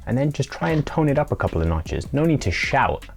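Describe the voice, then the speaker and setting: A man's voice: medium pitch, very animated, brisk, creaky, soft background music. A man presenting a scripted tutorial in a playful way, now and then acting out little mock conversations. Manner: playful, acts out mock dialogue.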